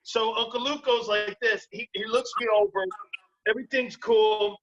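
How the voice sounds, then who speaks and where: A former football player telling animated, laughing stories in a casual group video chat. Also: male voice, high-pitched, normal speed, highs cut off.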